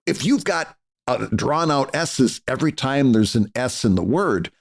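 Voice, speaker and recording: Middle-aged guy cohosting a podcast, gravelly low-key voice, lots of uhs and restarts. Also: animated, measured pace. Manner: earnest, advice-giving with frequent fillers and restarts. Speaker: podcast co-host. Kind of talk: casual podcast chat.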